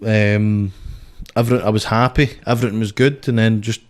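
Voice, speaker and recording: A man's voice: on the low side, flat delivery, fairly quick. A Scottish man in his twenties, a boxer and podcast guest, telling rambling stories full of swearing. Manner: swears constantly, rambling storyteller. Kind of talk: casual podcast chat.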